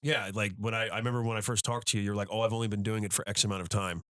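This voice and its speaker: A man's voice: on the low side, racing, smooth. A man in his thirties hosting a podcast, chatting casually and rambling with lots of fillers. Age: 30s. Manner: animated, rambling with many fillers. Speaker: podcast host, stand-up comedian. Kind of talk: casual chat.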